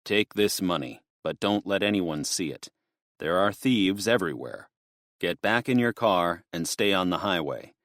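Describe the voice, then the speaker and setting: A man's voice: deep voice, animated, a little slow, a bit bright, no room sound, studio quality. A man voicing a large middle-aged police officer who speaks bluntly and plainly. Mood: gruff, blunt. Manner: blunt, matter-of-fact.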